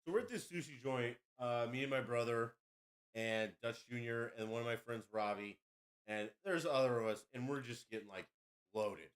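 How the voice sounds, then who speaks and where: A man's voice: mid-range voice, moderate pace. A man hosting a podcast, telling a rowdy story in a crude, boastful, casual way. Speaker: podcast host.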